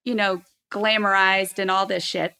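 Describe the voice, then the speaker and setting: A woman in her thirties telling a story in an animated chat, expressive and freely swearing. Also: mid-range voice, moderate pace, vocal fry, smooth. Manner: expressive, swears freely, acts out quotes loudly. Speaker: podcast guest, co-host's wife.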